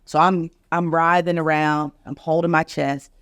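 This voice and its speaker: A woman's voice: sits low, flat delivery, moderate pace, no room sound, studio quality. A middle-aged woman physician hosting a podcast, earnestly and emotionally telling a vivid personal story and acting out the other people's voices. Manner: vivid, emphatic retelling, acting out each voice.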